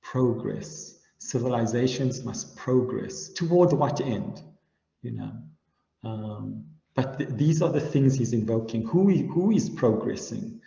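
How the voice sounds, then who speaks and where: A man's voice: mid-range voice, expressive, unhurried, creaky, dark tone. A man giving a university lecture, explaining ideas step by step and often checking in with his listeners with "right?". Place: lecture hall. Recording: echoey hall, dull lo-fi sound.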